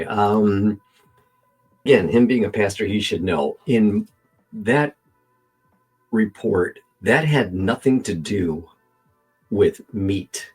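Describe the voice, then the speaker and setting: A man with a gravelly, husky voice reacts to a video in casual, argumentative commentary. His tone sits dark and mellow, lively as he pushes back point by point, with faint music underneath. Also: on the low side. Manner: animated, argumentative, talks to himself while editing.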